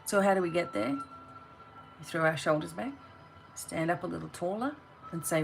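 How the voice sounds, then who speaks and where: A woman's voice: on the low side, moderate pace, gravelly, pauses often, background noise. A woman giving a tarot reading, talking straight to the viewer in a blunt, motivating way. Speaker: tarot reader.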